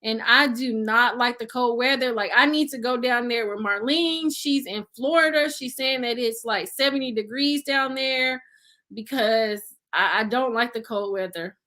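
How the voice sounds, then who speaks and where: A woman's voice: on the high side, normal speed, pushed and bright. A woman hosting a casual live stream, chatting with viewers and reading their comments aloud, calling them "y'all" and laughing often. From Nashville, Tennessee resident. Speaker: livestream host.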